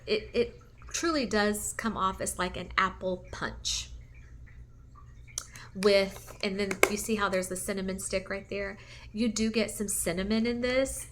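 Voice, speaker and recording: A woman's voice: medium pitch, fairly bright tone, a little hiss or hum. A woman hosting a casual review chat, gushing to her viewers with lots of fillers. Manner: chatty and gushing, many fillers, talks straight to viewers. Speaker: candle and wax melt channel host.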